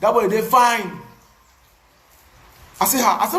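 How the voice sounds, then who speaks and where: A man with a Cameroonian Pidgin English accent tells his own story in a casual, animated way, repeating words for emphasis. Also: sits high, a little slow, echoey room. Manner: animated, repetitive, pidgin phrasing. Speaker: activist.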